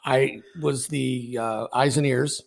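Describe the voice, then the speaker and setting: A man's voice: medium pitch, steady tone, slow pace, gravelly. A man, a baseball umpire and podcast co-host, telling a story in blunt, profane, laughing casual chat.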